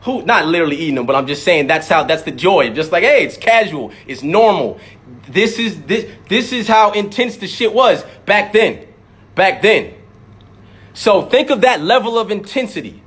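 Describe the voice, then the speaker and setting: A man's voice: high voice, lively intonation, moderate pace, a bit bright, slightly rough. A man, a rapper, delivering an impassioned, profane monologue to camera and repeating words for emphasis.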